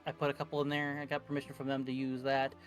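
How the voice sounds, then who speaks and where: A man's voice: medium pitch, monotone, fast talker, soft background music. A man chatting casually after a tabletop game session over a voice call, rambling with many fillers and self-corrections. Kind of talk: casual post-game chat. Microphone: computer mic on voice call.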